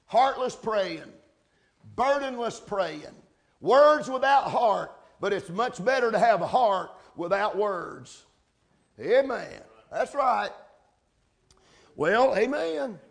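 A man preaching a sermon, building from steady teaching to shouted emphasis, spelling out key words. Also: sits high, slow pace, creaky, long pauses. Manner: rising to shouts, spelling out words, answering amen. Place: church service.

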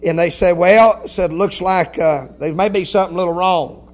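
A man preaching a folksy sermon, telling a story quietly, then building to shouted preaching with hallelujahs. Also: high-pitched, fairly even intonation, moderate pace. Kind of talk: Pentecostal-style sermon.

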